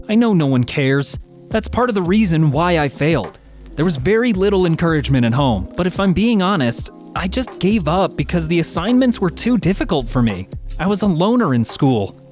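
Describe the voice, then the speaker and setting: A narrator reading online confession posts and comments aloud, with casual asides and quick laughs between readings. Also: medium pitch.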